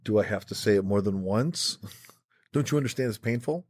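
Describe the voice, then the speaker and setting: A man's voice: lowish voice, moderate pace, a little mellow, slightly rough. A man co-hosting a comedy podcast, wry and questioning in improv scenes.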